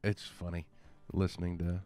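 A man's voice: sits low, monotone, moderate pace, dark tone, soft background music. A man co-hosting a podcast in casual chat, rambling with chuckles and often trailing off mid-thought. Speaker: podcast co-host.

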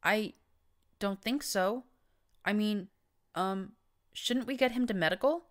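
A woman's voice: mid-range voice, a little slow, pitched above the performer's own voice, natural voice. A woman voicing a timid, mousy young mare pony who stammers nervously, in an audiobook reading. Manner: hesitant, stammering.

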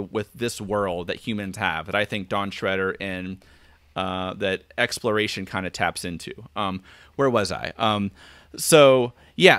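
A man's voice: medium pitch, fairly bright tone, no room sound, clean studio sound. A man speaking as a podcast guest over a video call, thinking aloud and acting out quoted lines. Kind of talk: casual video call chat.

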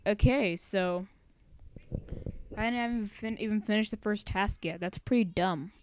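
A woman's voice: medium pitch, unhurried, darkish tone, no room sound. A young woman narrating a let's play, chatty and sarcastic, rambling with singsong asides. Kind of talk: casual game commentary.

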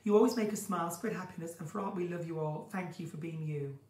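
Croaky woman chatting on a live stream. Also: on the low side, fast talker, a little mellow. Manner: chatty, gushing, flamboyant, breaks into song. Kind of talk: unscripted live chat, reading out viewer comments. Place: home in the countryside. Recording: roomy, distant phone sound.

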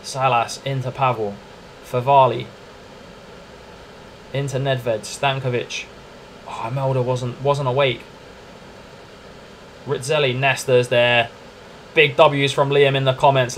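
A young man streaming a football management game, commenting live in a chatty, excitable way and calling to his viewers as lads and mates. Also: mid-range voice, takes it slowly, pauses often, a little hiss or hum. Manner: excitable, chatty, keeps addressing "lads" and "mate".

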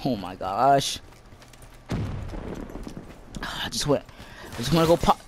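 Excitable, foul-mouthed young male gamer. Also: mid-range voice, unhurried, long pauses, heavy background noise. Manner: excitable, swears constantly, jumps from shouts to mutters. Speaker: gaming channel host. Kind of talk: live gameplay commentary.

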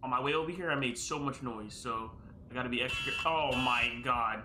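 A man giving panicky, exclaiming commentary as he plays a horror game, often yelling at the screen. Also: mid-range voice, brisk, very noisy. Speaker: gaming video creator. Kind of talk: live gameplay commentary. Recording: roomy echo with loud game music behind. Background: game music.

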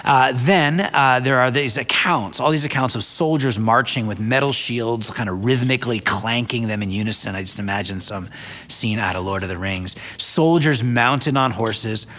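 A man's voice: mid-range voice, normal speed, fairly bright tone, long reverb tail. A man giving a sermon as pastor in a conversational preaching style, with asides to viewers at home. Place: church sanctuary, online broadcast.

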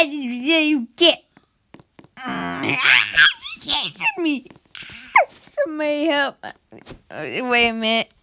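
A woman playfully narrating a game role-play, excitable and breaking into sudden shouted outbursts. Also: sits high, a little hiss or hum. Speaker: gameplay narrator.

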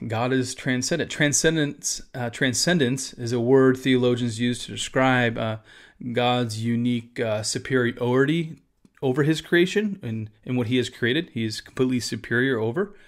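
Man, pastor, casual podcast teaching, conversational asides, middle pitch. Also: normal speed.

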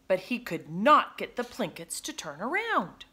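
Woman narrator for a kids' picture book, expressive and sing-song. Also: medium pitch, a little slow, few pauses, husky. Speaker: storybook reader. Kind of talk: children's read-aloud narration.

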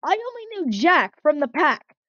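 A woman's voice: high-pitched, big pitch swings, moderate pace, dry recording, voice pushed up. A woman playing a furious, foul-mouthed engine. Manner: shouting, swearing, aggressive. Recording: dull lo-fi dry recording.

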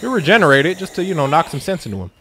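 Excitable high-voiced young man gaming. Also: very fast, noisy background. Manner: excitable, trash-talking, yells at the game. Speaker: gameplay YouTuber. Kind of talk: let's play commentary.

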